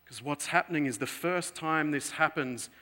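A man preaching a sermon, telling a story in an earnest way that moves between emphatic and hushed. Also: on the high side, normal speed.

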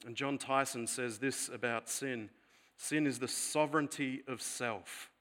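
A man preaching a sermon, earnest and deliberate, slowing down to stress key words. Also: medium pitch, steady tone. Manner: earnest preaching, slows for emphasis, drops softer later. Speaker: pastor.

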